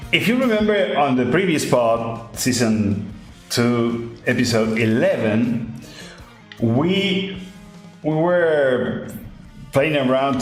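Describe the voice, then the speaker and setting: A man hosting a podcast in casual chat, ranting emphatically and repeating his points, speaking English as his second language. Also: medium pitch. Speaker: podcast host. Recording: echoey room with faint music.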